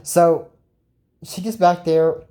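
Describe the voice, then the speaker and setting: A woman's voice: on the low side, fairly even intonation, slow pace, dark tone. A woman casually recapping a cartoon episode, rambling and chatty, and quoting the characters as she retells it. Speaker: video commentator.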